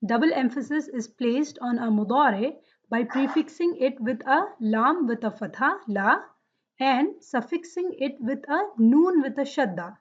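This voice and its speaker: A woman's voice: high voice, lively intonation, measured pace. A woman teaching a Quranic Arabic grammar lesson, explaining step by step and checking in with her students. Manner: explains step by step, asks questions. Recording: dull lo-fi sound.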